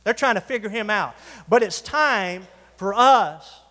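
A man's voice: high-pitched, expressive, bright, forceful tone. A man preaching a sermon to his congregation, calling for responses and stretching out key words for emphasis. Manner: preaching with call-outs to the congregation, drawn-out emphasis. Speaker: pastor. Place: church sanctuary. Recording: reverberant church hall.

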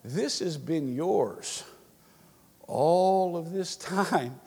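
A man voicing a patient father in a parable, speaking calmly, slowly and reassuringly, with a long hall reverb. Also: a little high, creaky, slightly rough, voice pushed up, heavily acted. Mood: gentle. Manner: calm, slow, gently reassuring.

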